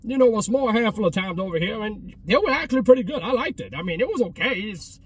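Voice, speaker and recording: Outside a closed restaurant, a man in his 30s vlogs his travels in a rambling, repetitive chat loaded with street slang and restarts. His high voice is expressive, fast, and husky, captured by a distant mic with no room sound.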